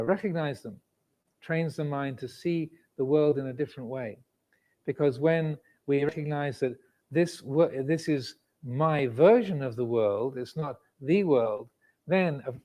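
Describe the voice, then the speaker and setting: Monk in his 60s, dharma talk, unhurried and reflective, pauses often, voice a bit high. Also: dark tone. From England. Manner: measured, reflective, pauses with frequent fillers. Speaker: Buddhist monk teacher. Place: indoor meditation hall with cameras and air conditioning.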